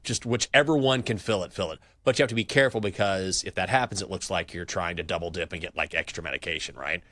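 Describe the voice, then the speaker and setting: A man's voice: on the low side, a bit bright, no room sound. A man co-hosting a show, telling a wry story in casual chat and acting out both sides of the conversation. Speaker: co-host. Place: studio.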